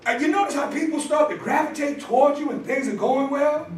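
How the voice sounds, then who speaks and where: A man telling a story as a conference speaker, sermon style, animated and often shouting for emphasis. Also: very high voice, a little fast, slight background noise. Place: church conference hall. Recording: echoey hall from far off.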